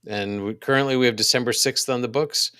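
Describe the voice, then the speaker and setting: A man co-hosting a podcast, casually reading out upcoming events, halting with many ums and restarts. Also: mid-range voice, steady tone, pushed and bright, clear, resonant tone, dry recording, clean studio sound. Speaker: podcast co-host.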